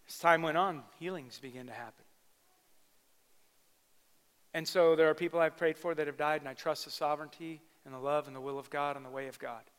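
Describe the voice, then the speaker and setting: Pastor guy preaching, kinda high voice, loud then hushed, long echoey hall. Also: steady tone, a little fast, smooth. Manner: dynamic preaching, swings from loud emphatic bursts to quiet intimate asides. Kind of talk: sermon.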